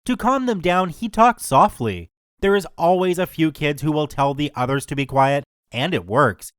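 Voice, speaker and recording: A man's voice: fairly high pitch, expressive, moderate pace, a bit bright, clear, resonant tone, dry recording, studio quality. A man reading a story aloud as a scripted narration.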